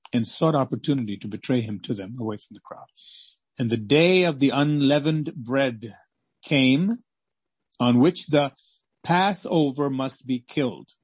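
Impassioned husky-voiced male preacher. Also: mid-range voice, dry recording. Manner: impassioned, swings between loud exclamations and hushed pleading. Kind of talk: sermon with scripture reading.

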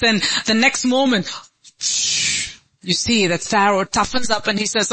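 A woman pastor preaching an impassioned sermon, swinging from high pleading cries to low hushed lines. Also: moderate pace, dry recording, rough recording. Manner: laughs between lines.

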